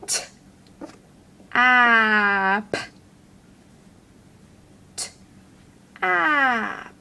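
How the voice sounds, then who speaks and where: A woman's voice: on the high side, very animated, drawn-out words, long pauses, fairly bright tone, breathy edge. A woman teaching young children phonics in a sing-song way, sounding out letters one at a time and encouraging them. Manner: talks to a puppet helper.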